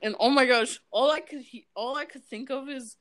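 A woman's voice: high voice, normal speed. A young woman in casual chat, telling stories with lots of giggling. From United States. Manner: giggly, animated storytelling.

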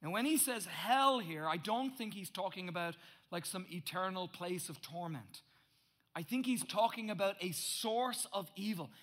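A middle-aged male pastor preaching a sermon, swinging from loud emphatic bursts to hushed, intense asides. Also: sits high, lively intonation, moderate pace.

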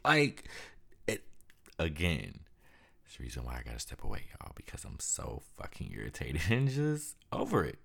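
A young man with a very deep, low voice talks straight into his podcast mic, worn out and depressed. His words come blunt and frustrated, heavy with swearing and fatigue. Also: huge pitch swings, moderate pace, creaky, breathy edge. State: exhausted and depressed. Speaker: podcast host. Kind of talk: candid monologue.

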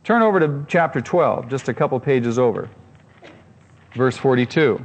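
A man's voice: medium pitch, expressive, normal speed, big-room sound. A man preaching a sermon as pastor, earnest and emphatic, often repeating his phrases.

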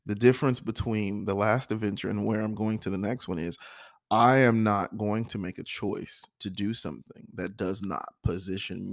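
A man with a low, gravelly voice talks through his own thoughts in an earnest, self-reflective monologue. He circles back and repeats himself for emphasis, and a frog in his throat keeps catching his words. The sound is close and dry, with no room around it. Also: dry recording. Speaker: vlogger.

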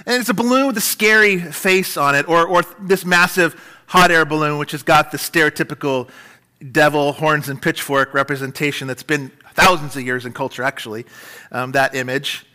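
Bright-voiced preacher, animated. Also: male voice, moderate pace. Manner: animated preaching, dramatic shifts in pitch and volume. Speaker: pastor. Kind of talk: sermon.

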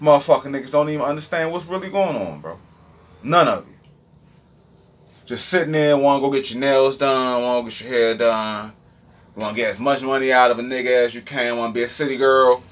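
A man's voice: medium pitch, a little fast. A young man with a Washington, D.C. accent, rambling profanely and animatedly through a freestyle monologue. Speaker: streamer.

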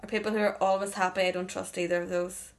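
Fast-talking opinionated woman. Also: medium pitch, flat delivery. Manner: opinionated, questioning. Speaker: podcast co-host. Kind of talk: casual chat.

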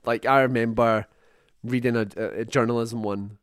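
A man's voice: medium pitch, moderate pace, smooth, no echo. A young man with a Scottish accent chats casually, rambling through long thoughts and correcting himself as he goes. His voice sits mid-range and is recorded close and dry. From Scotland. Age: young adult. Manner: rambling, self-interrupting, animated asides. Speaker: podcast co-host. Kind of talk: casual chat.

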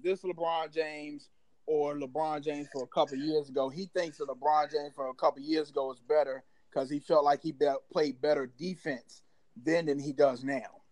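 A man hosting a casual sports talk show, calling on panelists by name and loud when he calls out to them. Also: fairly high pitch, fairly even intonation, moderate pace, dry recording. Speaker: host.

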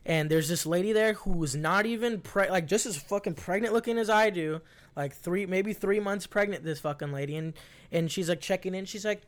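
A man's voice: sits high, a little fast. A young man telling a long story in casual, rambling talk, swearing constantly and leaning on fillers like "like". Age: young adult. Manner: profane, rambling, lots of fillers.

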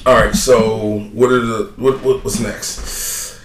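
A man's voice: on the low side, little pitch movement, slow pace, a little hiss or hum. A young man hosting a solo podcast, ranting bluntly and profanely in a rambling, offhand way. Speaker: podcast host. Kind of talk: casual solo podcast rant.

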